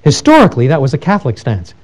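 A man's voice: mid-range voice, wildly swooping pitch, racing, darkish tone. A man giving an earnest theology lecture, telling stories with emphatic repetition and frequent restarts. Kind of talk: lecture with told anecdotes.

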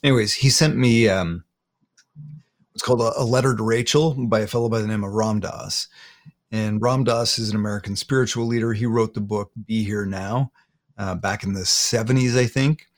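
Speaking on the low side, an interview guest recounts a painful personal story in halting fashion, repeating words frequently.

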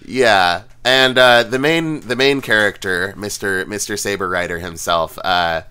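A man's voice: fairly low pitch, a little slow, pushed and bright, clear, resonant tone. A man co-hosting a podcast, chatting casually with dry, wry remarks and acted-out quotes. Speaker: podcast co-host. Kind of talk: casual chat.

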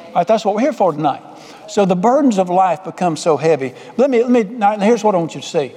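A man's voice: high voice, expressive, fast talker, warm tone. A man preaching a sermon as pastor in a folksy, conversational way, repeating his phrases. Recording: long hall reverb.

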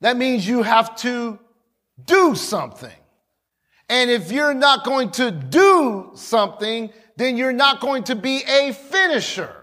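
A man's voice: extremely high pitch, expressive. A man preaching a sermon, acting out quoted lines and calling out to the congregation. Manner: preaching, rising to shouts, with quick asides to the congregation. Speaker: pastor.

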